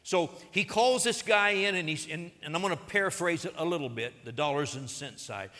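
Male pastor, bright forceful tone, long reverb, earnest sermon delivery. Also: on the high side, moderate pace. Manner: earnest preaching, retells a parable with acted quotes.

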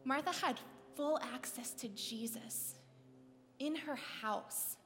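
A woman preacher giving a sermon. She is animated and conversational, acting out little scenes and asking her listeners questions. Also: high-pitched, slow, long reverb tail. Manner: animated, acts out scenes in voices; conversational, asks the audience questions.

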